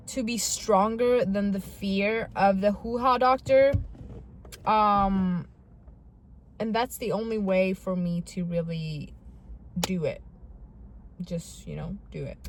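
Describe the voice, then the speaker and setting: A young woman talks straight to her viewers in a bright, higher voice, chatty and a little dramatic, poking fun at herself as she goes. A faint hiss of background noise sits under her. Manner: chatty, dramatic, self-mocking, quick asides. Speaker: vlogger. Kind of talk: casual talk to camera.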